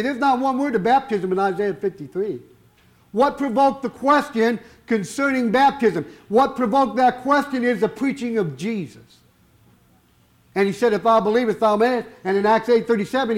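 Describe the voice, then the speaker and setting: A man preaching a sermon, firing rhetorical questions and stretching out the words he wants to stress. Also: very high voice.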